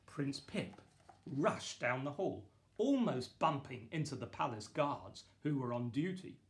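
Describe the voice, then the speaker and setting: A man, the author, reading his children's picture book aloud in a playful, lively way with bursts of excited exclamations. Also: medium pitch, measured pace. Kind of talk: children's storybook read-aloud.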